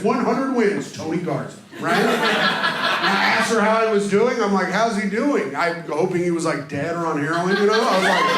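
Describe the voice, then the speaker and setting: A man in his thirties from Indiana telling self-deprecating stories in a stand-up set, jumping into loud character voices. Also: sits high, very noisy. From Indiana, USA. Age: 30s. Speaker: stand-up comedian hosting a show. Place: comedy club stage. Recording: very echoey live club recording with audience laughter. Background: crowd laughter.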